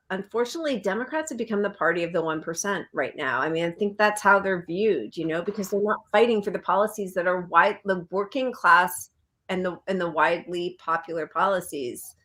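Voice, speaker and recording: Bright-voiced, blunt woman co-host. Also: on the low side. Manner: opinionated, blunt. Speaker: podcast co-host. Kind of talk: casual political chat.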